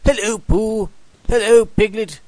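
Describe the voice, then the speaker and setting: A man voicing a cheerful young boy in a storybook parody, bright and chirpy. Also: high-pitched, steady tone, measured pace, dry recording, voice pushed up.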